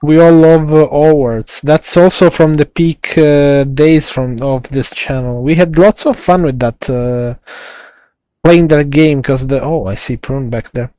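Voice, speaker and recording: A man with an Italian accent, streaming a game live and chatting to viewers in a rambling, halting way, with many restarts and laughs. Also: fairly high pitch, steady tone, dark tone, smooth, no room sound. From Italy.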